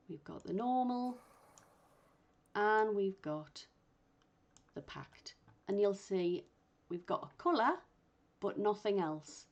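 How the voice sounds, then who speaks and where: A woman instructor guiding learners step by step through a software tutorial, thinking aloud as she works. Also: medium pitch, creaky. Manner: patient, thinks aloud while working. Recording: muffled lo-fi recording.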